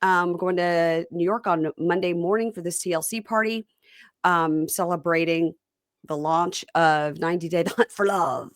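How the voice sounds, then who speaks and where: A woman's voice: on the low side, steady tone, normal speed, dry recording, studio quality. A middle-aged woman hosting a podcast in casual chat, laughing often. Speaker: podcast host.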